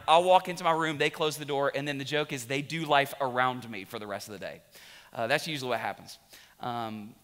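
A man preaching a sermon as pastor, animated and joking at times, then quiet and confessional. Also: medium pitch. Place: large church auditorium. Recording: long reverb of a big hall.

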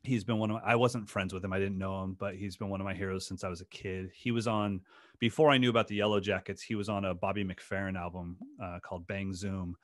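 A man's voice: deep voice, steady tone, fast, dry recording, clean studio sound. A man who is a drum teacher, telling stories in a casual podcast interview in an earnest, passionate way with many restarts. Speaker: guest drum educator.

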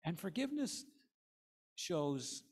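A man's voice: high-pitched, big pitch swings, takes it slowly, a little mellow. A man preaching a sermon in an earnest, storytelling manner. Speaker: pastor.

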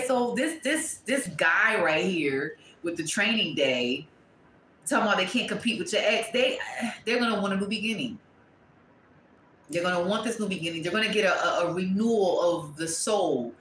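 A woman reading tarot to camera, blunt and profane, breaking into loud exclamations and dropping to quieter asides. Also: mid-range voice, echoey room, slight background noise, rough recording. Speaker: tarot reader.

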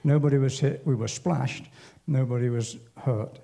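An older man telling a personal war story at a church service in a halting, unhurried, wry way. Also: mid-range voice, steady tone, vocal fry, dark tone. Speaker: church speaker. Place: church hall.

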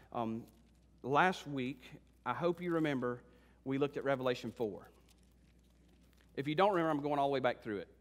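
A man preaching a sermon to his congregation, swinging between soft low asides and high, emphatic rhetorical questions. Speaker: pastor. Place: church sanctuary. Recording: long reverb of a church hall.

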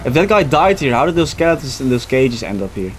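A young man with a Dutch accent giving playful, casual let's play commentary and reading game text aloud haltingly. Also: medium pitch, sing-song, slight background noise.

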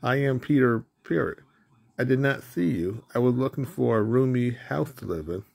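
A man's voice: mid-range voice, expressive, normal speed, creaky, darkish tone, husky. A man reading a storybook aloud, voicing a chatty, friendly male parrot in a light, apologetic way.

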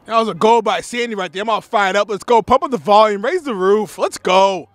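A man giving play-by-play commentary at a soccer match outdoors, excitable and repetitive, shouting on big plays. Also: high voice, brisk, no echo. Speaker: sports commentator.

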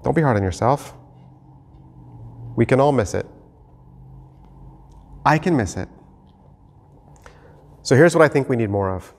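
A man preaching a sermon as pastor, reading scripture and then acting out the scene with lively shifts of voice. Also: mid-range voice, creaky. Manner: animated, acts out the disciples and Jesus in quick voices. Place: church sanctuary. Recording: long hall reverb.

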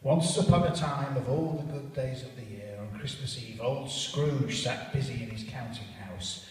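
A man's voice: medium pitch, moderate pace, a little mellow, recorded from a distance. Man narrating, echoing in a church. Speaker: narrator and musician. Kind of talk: storytelling with jazz band. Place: church, live performance. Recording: echoey church from afar.

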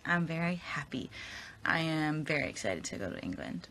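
A woman's voice: low voice, big pitch swings, normal speed, a bit bright. A young woman chatting casually on a phone livestream, tired but upbeat, answering viewer comments. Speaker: actress on a livestream.

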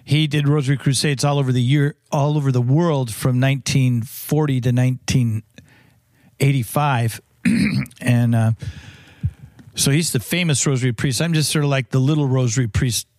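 A man's voice: mid-range voice, fairly even intonation, normal speed, a little mellow, no room sound. A man who is a priest, telling long anecdotes in an interview, with frequent restarts and fillers. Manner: rambling anecdotes with many restarts. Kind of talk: storytelling interview answers.

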